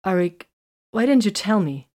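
Woman reading young woman psyker, blunt, sharp, demanding, storybook voice. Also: mid-range voice, lively intonation, moderate pace, natural voice. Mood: shocked.

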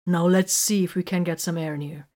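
A woman voicing a hot-tempered male captain who talks loudly and demands answers. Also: on the low side, fairly even intonation, a little fast, close to an everyday voice. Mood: exasperated. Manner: loud, exasperated, demanding.

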